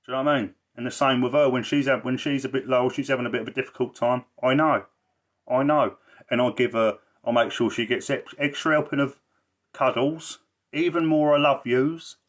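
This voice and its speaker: A man's voice: mid-range voice, fairly even intonation, a little fast. A man talking in a blunt, rambling way on a casual livestream, swearing a lot and repeating himself for emphasis. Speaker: livestreamer and social care campaigner.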